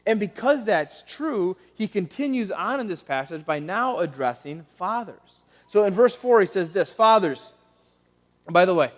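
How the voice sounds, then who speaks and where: High-voiced pastor preaching in a reverberant hall. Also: male voice, normal speed. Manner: animated storytelling, dropping to soft pleading. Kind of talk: sermon. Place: church auditorium. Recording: long reverb of a church hall.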